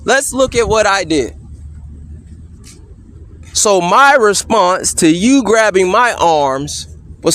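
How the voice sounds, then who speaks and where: Man, high-pitched voice, cross-examining an officer, leading questions, measured and insistent. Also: lively intonation. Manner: pointed leading questions, repeatedly asking "correct?". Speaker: person questioning a police officer. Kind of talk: courtroom-style cross-examination.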